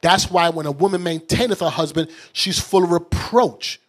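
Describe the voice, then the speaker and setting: A man's voice: fairly high pitch, normal speed, fairly bright tone. A man preaching as a bishop in a fiery, mocking, blunt sermon style. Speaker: bishop and teacher.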